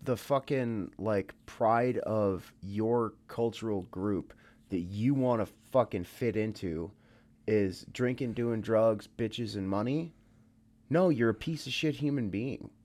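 A worn-out man talking on a podcast in a lowish voice. He swears freely and leans on "dude" and "like" as he vents. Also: slow pace, darkish tone. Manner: profane, says "dude" and "like" a lot. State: tired. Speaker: podcast co-host. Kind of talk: casual chat.

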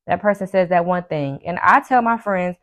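A woman with a lowish voice talks straight to her listeners like a life coach on her own show. She preaches with emphasis and circles back to the same phrases again and again. Now and then she slips into quick impressions of her friends. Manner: acts out friends' lines in quick asides. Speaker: podcast host and life coach. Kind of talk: casual motivational monologue.

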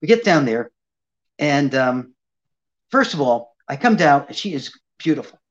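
A man's voice: on the high side, a little slow. An older man, a ventriloquist guest, telling a long anecdote in an interview and acting out the people in it. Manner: animated anecdote teller, acting out quoted voices. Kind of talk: storytelling interview chat. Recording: dull lo-fi audio.

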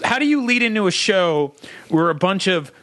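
A man's voice: sits high, moderate pace. A man in his thirties co-hosting a comedy podcast, rambling and profane, telling stories with big energy. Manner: rambling, profane, animated storytelling. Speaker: podcast co-host. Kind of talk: casual comedic banter.

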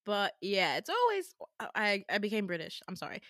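A woman co-hosting a podcast in casual chat, playful and quick to laugh. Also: medium pitch, bright, forceful tone, dry recording, clean studio sound. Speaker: podcast co-host.

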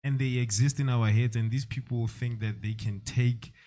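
A man's voice: mid-range voice, fairly even intonation, moderate pace, mellow. A man in a podcast discussion, speaking emphatically and in a preachy way. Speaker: podcast co-host.

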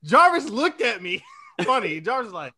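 A man's voice: high voice, very animated, normal speed, sharp tone. A man in his twenties teasing and laughing through casual podcast banter. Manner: teasing, laughing often, slangy.

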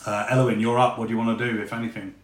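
A man narrating as game master for a tabletop game, relaxed and chatty with lots of fillers. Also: mid-range voice, rapid-fire. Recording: echoey room with faint noise.

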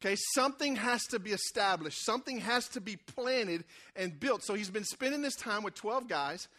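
A man delivers a sermon in an easy, conversational style. His voice sits high and bright, and he keeps calling out to the congregation for a response. He acts out the people in his stories as he goes. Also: expressive, normal speed. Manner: conversational, call-and-response preaching with acted-out quotes. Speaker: preacher.

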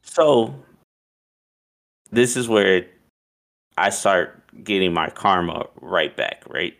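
Man, lowish voice, casual storyteller, animated, swears a lot, acts out quotes. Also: slow, creaky.

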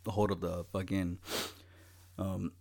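Laughing, animated young male podcast host. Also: deep voice, slow pace, vocal fry. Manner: laughs a lot, swears, animated storytelling. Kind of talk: casual chat.

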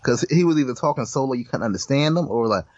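A man's voice: medium pitch, lively intonation, fast, darkish tone, no echo, muffled recording. A man co-hosting a movie podcast, talking casually with stammers and restarts. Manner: hesitant, stammers, laughs at his own jokes. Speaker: podcast co-host. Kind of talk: casual movie-review chat.

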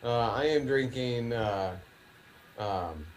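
A man's voice: medium pitch, slow pace, a little hiss or hum. A man co-hosting a casual online show, joking around and swearing freely. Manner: joking and profane. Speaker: podcast co-host. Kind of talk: casual chat.

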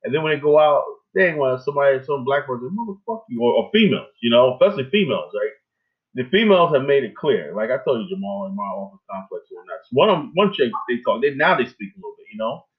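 Male host, rambling profane rant, phone-line sound, mid-pitched voice. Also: sing-song, fast. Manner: rambling, emphatic, full of filler tags.

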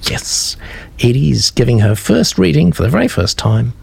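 A man hosting a podcast, talking casually and haltingly before introducing a reader. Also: medium pitch, sing-song, vocal fry, breathy edge, no room sound. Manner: halting, with fillers and restarts. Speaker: podcast host. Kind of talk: casual chat.

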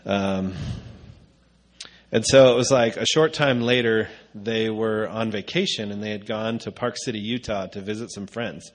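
Low-voiced man preaching casually. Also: steady tone, moderate pace. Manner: casual and rambling with frequent "um"s. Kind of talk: conversational sermon.

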